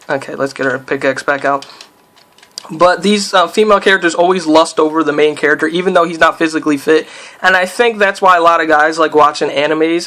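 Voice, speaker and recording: A man's voice: fairly high pitch, fairly bright tone. A man from the United States giving loose, rambling commentary over his own gameplay, with lots of fillers and sudden yelps. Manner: breaks off into startled yelps at the game. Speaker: let's player.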